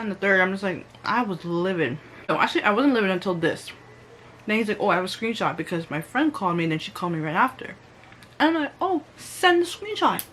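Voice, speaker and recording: A woman's voice: mid-range voice, a little hiss or hum. A young woman telling a storytime vlog in casual, slangy talk, acting out what others said. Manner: animated, slangy, reenacts quotes. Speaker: vlogger.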